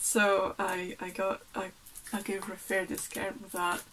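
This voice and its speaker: A woman's voice: medium pitch, monotone, a little slow, fairly bright tone, slight background noise, rough recording. A woman artist chatting casually and rambling as she unpacks her work, laughing often. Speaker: artist vlogger. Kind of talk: casual chat while unpacking.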